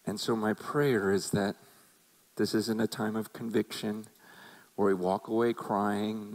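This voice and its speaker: A man's voice: on the low side, darkish tone, low-quality recording. A man preaching a sermon as a pastor, conversational and emphatic, acting out quotes as he goes.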